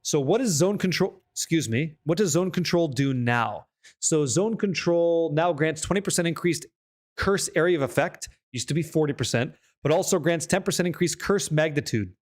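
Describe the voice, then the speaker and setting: Excitable swearing man streaming a game. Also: on the high side, moderate pace. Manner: excitable, swears freely, reads patch notes aloud to chat. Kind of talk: casual live-stream chat.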